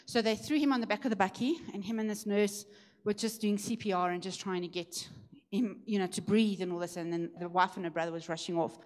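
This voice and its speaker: A woman preaching a testimony, telling the story in a lively way and growing emphatic at the high points. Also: a little fast. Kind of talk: sermon testimony.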